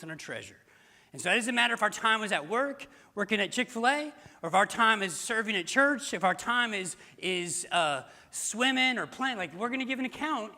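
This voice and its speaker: A man's voice: sits high, bright, forceful tone, big-room sound. A man preaching a sermon as pastor, emphatic and repeating key phrases while speaking straight to the congregation. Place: church sanctuary.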